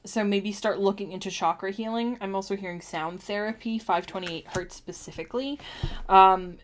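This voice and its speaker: A woman's voice: mid-range voice, normal speed, slight background noise. Chatty woman reading cards. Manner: chatty, rambling, with many ums and restarts. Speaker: tarot reader. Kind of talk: live-streamed oracle reading.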